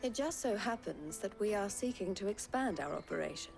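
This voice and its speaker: In a video game cutscene with faint music behind her, an actress plays a shrewd businesswoman who runs a caravan company. Her mid-range voice is expressive, gravelly and a little mellow, and she talks a little fast. She comes across as polished and gracious, with a shrewd, teasing edge.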